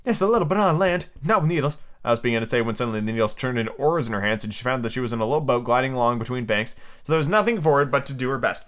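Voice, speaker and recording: A man's voice: medium pitch, racing, hardly any pauses, fairly bright tone, smooth. A man hosting a podcast, reading a children's book aloud with rambling, filler-heavy asides. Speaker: podcast host.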